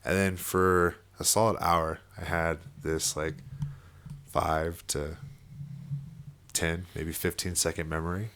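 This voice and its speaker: A man's voice: deep voice, level tone, slow, pauses often, a bit bright, slight background noise. A young man telling a personal story in casual podcast chat, full of fillers and swearing and with bursts of laughter. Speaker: podcast guest.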